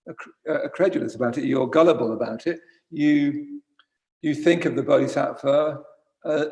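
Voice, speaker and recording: A man's voice: fairly high pitch, gravelly, a little mellow. A man giving an informal dharma talk as a Buddhist teacher, conversational and wry, often correcting himself mid-sentence. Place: retreat centre shrine room.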